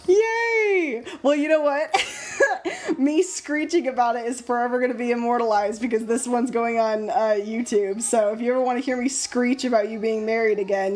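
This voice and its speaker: A young woman hosting a casual live stream, chatting with viewers while she draws, bubbly and easily excited. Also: a little high. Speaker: live-stream host and sticker artist.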